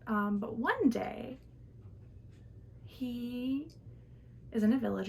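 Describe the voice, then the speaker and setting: A woman's voice: medium pitch, takes it slowly, pauses often, sharp tone. A young woman in her twenties telling a folktale in a casual, chatty way with fillers and restarts, recorded at home. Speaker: student storyteller. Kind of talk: casual oral storytelling of a folktale.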